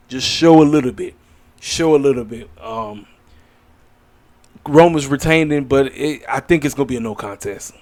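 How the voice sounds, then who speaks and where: Man, mid-pitched voice, casual solo host, blunt, opinionated, rambling, tired and yawning. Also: darkish tone. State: tired, yawning late at night. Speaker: wrestling commentary channel host. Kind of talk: casual solo predictions video.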